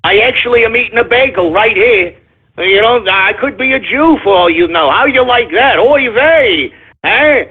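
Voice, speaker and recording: A man's voice: very high-pitched, expressive, normal speed, breathy edge, full character voice. A man voicing a needling, kvetching man with a Yiddish-flavored lilt, heard over a tinny phone-like line. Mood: teasing.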